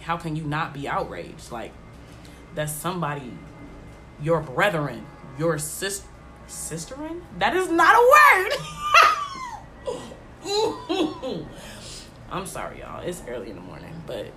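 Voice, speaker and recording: A woman's voice: sits low, a bit bright. A young adult woman hosting a casual podcast, congested from allergies, talking in an emphatic, exasperated way full of slang fillers. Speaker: podcast host. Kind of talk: casual solo podcast chat.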